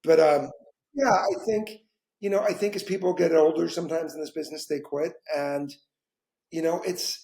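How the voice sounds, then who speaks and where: A man who is an actor, telling stories in a casual conversation, lively and expressive. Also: mid-range voice, a little hiss or hum. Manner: animated storyteller, voice rising and dropping through anecdotes. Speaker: guest actor. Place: home, dog nearby. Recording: echoey room.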